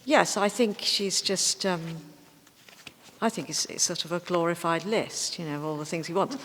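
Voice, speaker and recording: A woman giving a poetry recital, reading each poem in a slow, measured way, with hesitant, chatty remarks between them. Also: fairly low pitch, fairly bright tone, a little hiss or hum. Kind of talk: poetry recital with casual asides. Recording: long hall reverb.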